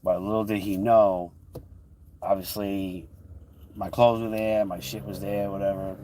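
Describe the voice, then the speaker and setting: A man's voice: fairly low pitch, flat delivery, unhurried, mellow, distant mic. A man telling a heated personal story on a livestream, swearing freely as he goes. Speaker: livestream host.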